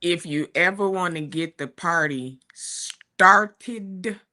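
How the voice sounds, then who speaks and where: A woman's voice: lowish voice, slow. A woman in her forties on a talk show, telling a family story in a casual, chatty way. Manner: chatty, warm storytelling with laughs and asides. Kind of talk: casual chat. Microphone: streaming studio mic.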